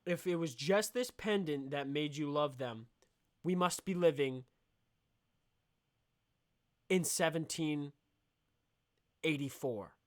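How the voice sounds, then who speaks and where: A man's voice: on the high side, slow pace, long pauses. A young man hosting a comedy podcast, riffing in a sarcastic, rambling monologue. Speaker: podcast host.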